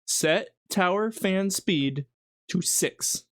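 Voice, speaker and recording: A medium-pitched voice that draws its words out, recorded in studio quality with no echo. A live streamer rambles and chats casually while cooking in their home kitchen, eyes watering from an onion as they poke fun at themself.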